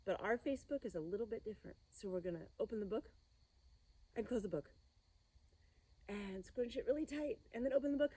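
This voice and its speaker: A woman's voice: medium pitch, a little fast, long pauses, mellow, husky. A woman teaching a children's yoga class, giving upbeat, encouraging instructions in a sing-song way.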